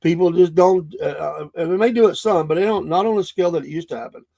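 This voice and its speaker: A middle-aged Southern man hosts a podcast in a loose, folksy monologue. He rambles and restarts as he tells his stories. His voice sits a little higher than most men's. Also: quick pace, vocal fry, mellow. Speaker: podcast host. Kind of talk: casual monologue.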